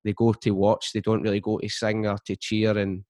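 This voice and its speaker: A man chatting casually on a podcast, telling stories in a steady way with frequent restarts. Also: lowish voice, a little fast, dry recording, studio quality. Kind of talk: casual chat.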